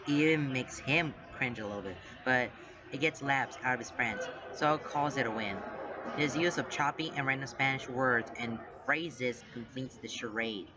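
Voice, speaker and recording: Guy reading fanfic out loud, calm and steady, middle pitch, muffled lo-fi audio. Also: noisy background. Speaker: story reader. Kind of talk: reading fan fiction aloud.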